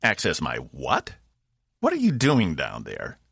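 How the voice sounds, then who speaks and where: A man's voice: a bass voice, wildly swooping pitch, measured pace, gravelly, a bit bright, slightly rough, no room sound, studio quality, exaggerated voice. A man voicing a boastful, teasing male robot with a put-on Cockney voice in an audiobook. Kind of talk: audiobook narration.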